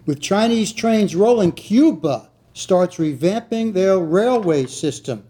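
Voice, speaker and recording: A man's voice: high voice, lively intonation, takes it slowly, dark tone. A man hosting a political talk show, steadily and wryly introducing news items. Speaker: host.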